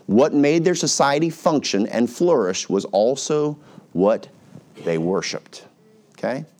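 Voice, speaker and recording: Male American pastor, casual teaching sermon, lively delivery with quick asides. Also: medium pitch. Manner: conversational, animated, puts on voices for everyday examples.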